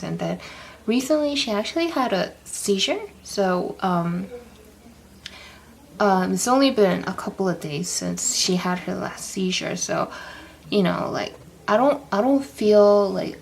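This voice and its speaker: A woman's voice: medium pitch, vocal fry, a little hiss or hum. A young woman vlogging casually, telling a story in a rambling way full of "like". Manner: rambling, heavy use of "like".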